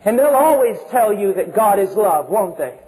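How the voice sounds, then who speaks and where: A man preaching with a notably high voice. He hammers his points with repetition and pointed rhetorical questions. His delivery lurches between raised, almost shouted declarations and low, hushed warnings. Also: sing-song, normal speed, poor audio. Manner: impassioned, emphatic, swings between shouting and hushed low tones. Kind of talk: sermon.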